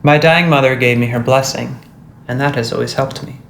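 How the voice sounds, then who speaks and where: A man's voice: medium pitch, steady tone, fairly quick, creaky, a bit bright, echoey room, slight background noise. A man voicing a timid, polite young girl who speaks meekly and carefully. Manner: meek and careful.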